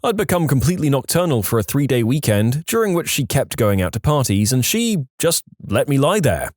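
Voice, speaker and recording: Guy reading internet stories out loud, voice all over the place, super dry close mic. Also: medium pitch, fairly quick, no echo. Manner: animated reading, acting out quoted lines in raised voices. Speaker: story narrator. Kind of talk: reading online stories aloud.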